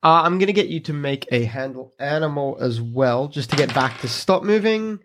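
A man's voice: on the high side, animated, normal speed, background noise. A man narrating a tabletop game as game master, describing scenes and laughing between lines.

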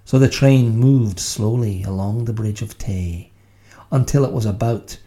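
A man reciting a grim ballad in a put-on Scottish accent, slow and declaiming, in a mock-solemn dramatic poem reading. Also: lowish voice, warm tone, close to an everyday voice.

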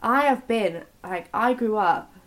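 A woman's voice: a little high, measured pace. A young woman in casual conversation, talking openly about her past in a rambling, sweary way with many restarts. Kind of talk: casual confessional chat.

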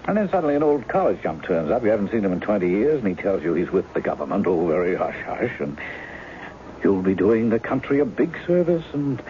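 A breezy, teasing charming impostor. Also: male voice, lowish voice, big pitch swings, fairly quick, a little hiss or hum. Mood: rueful. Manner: teasing, breezy, later rueful. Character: charming writer posing as a woman's lost husband. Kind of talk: 1970s radio drama acting. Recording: dull old radio broadcast with music.

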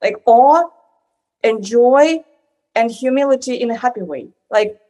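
A woman's voice: fairly high pitch, a little slow, mellow. A woman speaking in a conversational interview, rambling and full of "like" fillers and restarts.

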